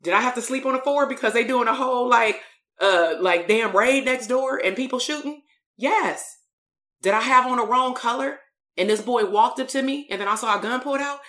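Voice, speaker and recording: A woman's voice: fairly high pitch, fairly quick, a bit bright, reverberant. A woman, a coach and therapist telling a story in a blunt, emphatic live-streamed motivational talk.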